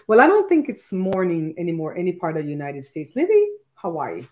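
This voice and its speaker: A woman's voice: fairly low pitch, huge pitch swings, brisk, a little mellow. A chatty woman hosts a live cooking stream from her home kitchen, talking into a laptop microphone. She keeps an upbeat, friendly flow, greeting viewers by name as she goes. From Belize. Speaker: cooking show host.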